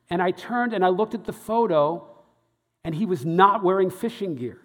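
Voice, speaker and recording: Pastor, male, fairly high voice, animated storyteller preaching in a large echoing hall. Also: moderate pace. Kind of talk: sermon storytelling.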